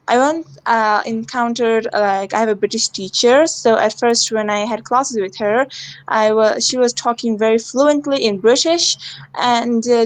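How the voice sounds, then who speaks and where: A woman student sharing her opinion in an online class, speaking hesitantly with fillers. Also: fairly high pitch. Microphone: video call.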